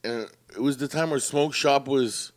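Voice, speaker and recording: A man's voice: medium pitch, normal speed. A young man hosting a podcast, telling stories casually with lots of swearing and acting out what people said. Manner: profane, animated storyteller acting out quotes. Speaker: podcast host. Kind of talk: casual storytelling.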